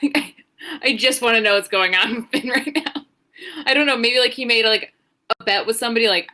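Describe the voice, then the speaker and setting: A woman's voice: a little high, a little fast, bright, forceful tone. A woman co-hosting a podcast in casual chat, dry and sarcastic, swearing freely. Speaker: podcast co-host.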